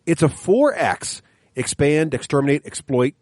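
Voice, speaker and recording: A man co-hosting a casual board game podcast, energetic and playful, laughing often. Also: on the high side, a little slow, no room sound. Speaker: podcast co-host.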